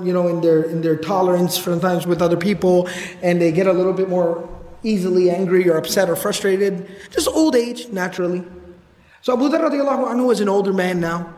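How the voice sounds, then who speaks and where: A man giving a casual, animated religious storytelling lecture with slangy asides. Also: high-pitched. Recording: echoey hall reverb.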